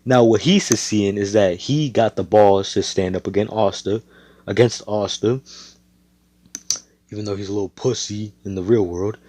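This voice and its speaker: A man casually spinning a fan story, rambling along with slang and constant swearing. His voice is low and dark. The sound is dry and close. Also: normal speed, no echo. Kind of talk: casual spoken retelling.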